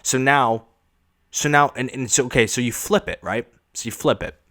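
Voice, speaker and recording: A man's voice: mid-range voice, normal speed, a bit bright. A young man hosting a podcast, ranting casually and sarcastically with lots of profanity. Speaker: podcast host.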